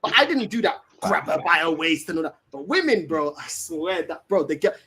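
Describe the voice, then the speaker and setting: Animated young man, lively pitch. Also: fairly quick, breathy edge. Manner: animated storyteller, laughs often, heavy slang. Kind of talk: casual chat.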